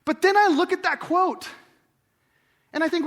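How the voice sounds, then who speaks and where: A man in his forties delivers a sermon in a church, his voice sitting high for a man. He talks to the congregation like a conversation, firing off rhetorical questions. He swings from hushed and slow to loud and fired up. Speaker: pastor.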